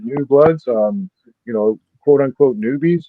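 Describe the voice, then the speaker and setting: Man, casual rambling panel talk, husky, thin phone-line audio. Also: medium pitch, a little slow, no room sound. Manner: loose, rambling, profane, lots of "like". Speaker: panel guest.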